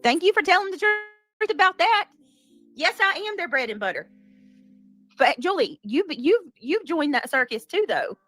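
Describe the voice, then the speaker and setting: A woman hosts a live commentary stream with a high, animated voice. She is chatty and sassy and keeps calling out viewers. Faint music plays behind her dry, close sound. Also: moderate pace, poor audio. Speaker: livestream host. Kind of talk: casual livestream commentary.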